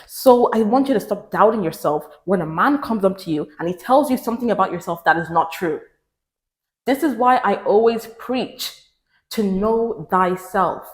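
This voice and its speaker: A woman's voice: lively intonation, moderate pace, roomy sound. A woman giving relationship advice to the camera in an emphatic, preachy way, repeating lines for stress. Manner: mimics others in raised pitch. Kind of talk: direct-to-camera advice talk.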